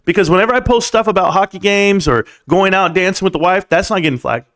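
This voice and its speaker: A man's voice: sits high, fast talker, fairly bright tone. A man hosting a live stream, talking casually and emphatically straight to his viewers with rambling asides. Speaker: stock market live streamer.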